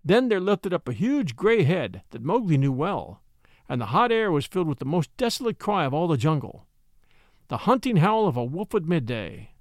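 Expressive male audiobook narrator. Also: on the high side, moderate pace, dry recording, studio quality. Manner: expressive, dramatic reading. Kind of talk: audiobook storytelling.

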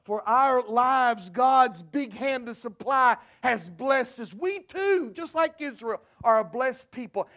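High-voiced emphatic male preacher. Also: a bit bright. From United States. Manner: emphatic preaching, storytelling with asides. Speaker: pastor. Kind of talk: sermon.

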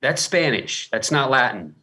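A man's voice: medium pitch, big pitch swings, measured pace, bright, forceful tone, slightly rough. A man co-hosting a podcast, protesting defensively while being teased. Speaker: podcast co-host, actor. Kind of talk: casual podcast banter.

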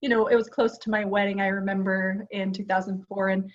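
A woman's voice: medium pitch, flat delivery, fairly quick, highs cut off. A woman in her forties co-hosting a podcast, talking casually and earnestly with plenty of fillers. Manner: chatty and earnest, with frequent fillers. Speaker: podcast co-host. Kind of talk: casual chat.

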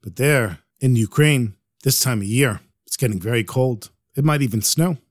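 Man telling an animated story. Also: medium pitch, normal speed, dry recording, studio quality. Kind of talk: narrated religious story.

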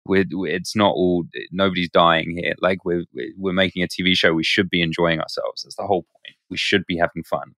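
A man's voice: low-pitched, level tone, brisk, hardly any pauses, fairly bright tone, no echo, clean studio sound. A man co-hosting a podcast, chatting casually and acting out bits of his stories. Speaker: podcast co-host, actor.

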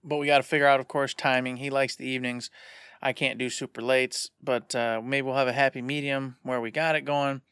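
A man co-hosting a casual gaming podcast, talking in an animated way and acting out imagined dialogue. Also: medium pitch, a little fast, smooth, dry recording, studio quality. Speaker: podcast co-host. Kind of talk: casual chat about games.

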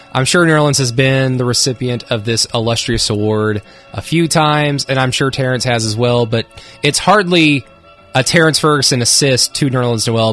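A man's voice: medium pitch, fairly bright tone. Laid-back man on sports radio. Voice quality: laid-back, rambling, laughs often. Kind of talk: casual sports talk.

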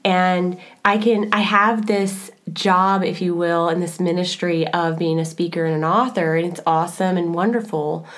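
A woman's voice: on the low side, moderate pace, few pauses. Earnest woman co-hosting a faith podcast. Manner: earnest, animated, breaks into laughing voices for quotes. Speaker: podcast co-host. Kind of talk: casual faith podcast conversation.

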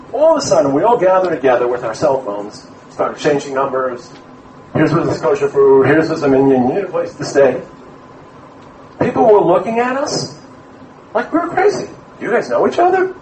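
A man from Brooklyn, giving a lively sermon-style talk to a community gathering, telling stories and mixing in Hebrew terms. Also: fairly high pitch, a little hiss or hum. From Brooklyn, USA. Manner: animated storyteller, mixes in Hebrew terms. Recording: echoey room, mic at a distance.

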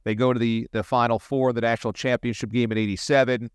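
Clear-voiced male host asking questions. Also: mid-range voice, flat delivery, quick pace, dry recording, studio quality. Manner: chummy, enthusiastic questions. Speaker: podcast host. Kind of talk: casual interview.

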